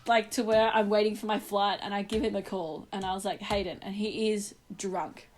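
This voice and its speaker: A woman telling a story in casual chat, animated and laughing often. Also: medium pitch, normal speed.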